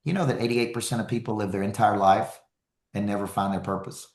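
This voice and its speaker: An energetic man delivering a motivational talk to a live crowd, his voice sitting fairly low. He hammers points home by repeating them, and the sound rings around a roomy, echoing hall. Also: fast. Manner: energetic, emphatic, repeats himself for effect. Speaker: motivational speaker and coach.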